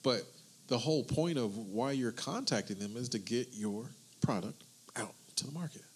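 Male co-host, mid-pitched, rambling casual talker who stammers and repeats himself. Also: expressive, moderate pace, breathy edge, poor audio. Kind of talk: casual chat.

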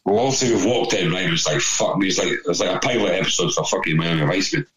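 Man, deep register, rambling swear-heavy storyteller; busy crowd behind him. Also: animated, fast, poor audio. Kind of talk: casual anecdote.

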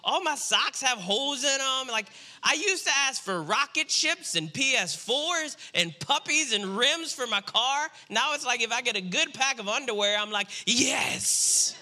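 Animated, bright-voiced man preaching. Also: very high-pitched, moderate pace, hardly any pauses. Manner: animated, jokey, acts out family voices. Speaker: pastor. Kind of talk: storytelling sermon. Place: church stage.

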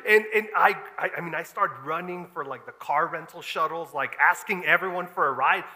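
A man in his thirties preaches from the pulpit with a high, bright, ringing voice. He tells the story in an animated, exasperated way and often laughs. His voice carries a long reverb from a large church hall. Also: brisk. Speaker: pastor. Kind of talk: storytelling sermon.

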